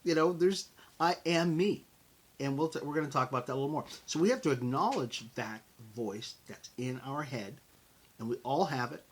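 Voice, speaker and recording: Brief: middle-aged American man, podcast host, husky and breathy tone, lively motivational talk aimed straight at the listener. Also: a little high, normal speed. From United States. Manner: animated and conversational, addresses listeners as folks.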